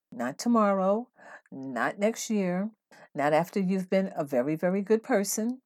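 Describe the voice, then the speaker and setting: Woman, podcast host, earnest devotional teaching, lowish warm voice, steady delivery. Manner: earnest, steady scripture reading.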